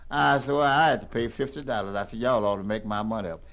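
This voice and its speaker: An older man telling a rambling tall tale in a folksy, animated drawl. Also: fairly low pitch, fast. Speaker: storyteller.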